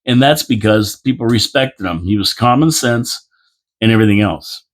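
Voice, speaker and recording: A man's voice: fairly low pitch, normal speed. A man hosting a casual opinion monologue, rambling and repeating himself with folksy asides, sounding tired. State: tired, yawning. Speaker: local commentary host.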